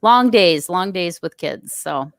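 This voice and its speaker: A woman's voice: on the low side, expressive, slow pace, no echo, clean studio sound. A woman chatting casually on a podcast about parenting, friendly and laughing often. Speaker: guest parent.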